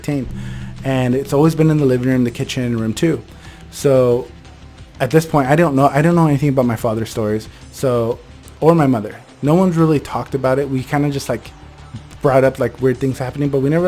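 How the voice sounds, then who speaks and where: Young male host, casual ghost-story telling, talks fast and rambles, mid pitch, soft music under him. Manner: fast, rambling, full of fillers and self-corrections. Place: bedroom in his childhood home.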